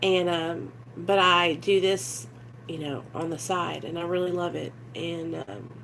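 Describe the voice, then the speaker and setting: A woman's voice: fairly low pitch, fairly even intonation, a little slow, gravelly, fairly bright tone, a little hiss or hum. A young woman, vlogging candidly in a rambling, earnest way that leans heavily on fillers. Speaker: recovery vlogger. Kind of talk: candid confessional vlog.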